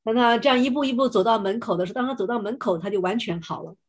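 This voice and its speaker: A woman interpreting a sermon live, phrase by phrase, sometimes hesitant and pausing with fillers. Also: a little high, breathy edge. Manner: hesitant, fills pauses with 'uh'.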